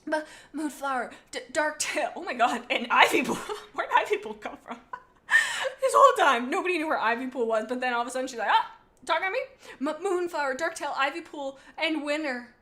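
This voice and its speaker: A woman's bright, slightly high voice reads fan fiction out loud. She keeps stopping for goofy, playfully sarcastic asides, and her delivery stays lively and animated throughout. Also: fairly quick. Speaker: channel host reading fan fiction. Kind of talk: comedic reading with commentary.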